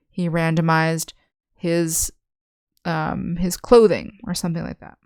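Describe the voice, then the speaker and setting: A young woman walks learners through vocabulary, one example at a time. Her voice sits a little low, smooth and resonant, with a touch of fry. The sound is close and dry, with no room around it. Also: level tone, a little mellow, no echo. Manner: patient, explains slowly with examples. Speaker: English teacher. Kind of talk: online language lesson.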